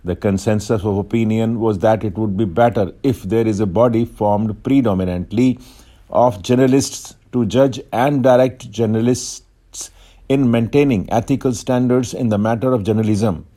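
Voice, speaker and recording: A man reading a formal passage as shorthand dictation, in an even, measured way with clear phrase breaks. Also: medium pitch. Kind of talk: steady dictation reading at set speed.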